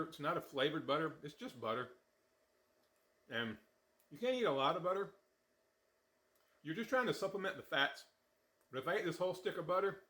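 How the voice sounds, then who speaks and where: A man's voice: a little high, a bit bright, husky. A man hosting a casual how-to cooking vlog in his home kitchen, talking in a folksy, chatty way and sometimes eating as he speaks. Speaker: diet vlogger.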